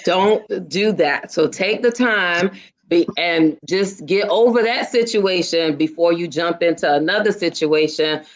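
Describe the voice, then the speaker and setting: A woman's voice: lowish voice, unhurried, low-quality recording. A woman on a chat show giving firm, preachy relationship advice in a casual talk. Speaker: guest.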